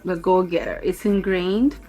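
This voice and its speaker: A woman entrepreneur in casual conversation, quick to affirm her friend and add her own memories. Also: fairly low pitch, fairly even intonation, dark tone, faint music behind. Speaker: fellow entrepreneur guest. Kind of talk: casual chat.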